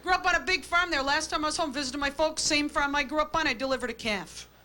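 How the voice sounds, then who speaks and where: A woman doing a stand-up comedy routine, delivering deadpan quips and tagging jokes with a flat "okay?". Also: sits high, fast. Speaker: stand-up comic. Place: comedy club stage with a live audience. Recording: hissy old VHS tape with audience laughter.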